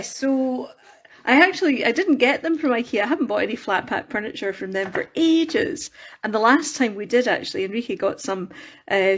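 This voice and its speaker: A woman hosting a casual craft livestream from home, chatty and rambling, with many fillers and self-corrections. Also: mid-range voice. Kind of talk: casual live-stream chat while crafting.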